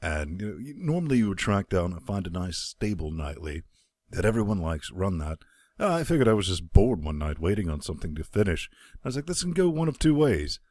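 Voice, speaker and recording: A man's voice: deep voice, big pitch swings, brisk, a little mellow, dry recording. A man hosting a gaming podcast, cracking crude jokes in casual banter. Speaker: podcast host.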